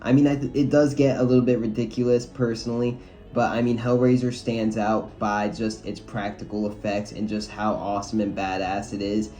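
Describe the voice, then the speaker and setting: A man's voice: fairly low pitch, little pitch movement, moderate pace, dark tone, faint music behind. A man giving a casual video review of a film, talking loosely and frankly with lots of "like" and some swearing. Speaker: movie reviewer.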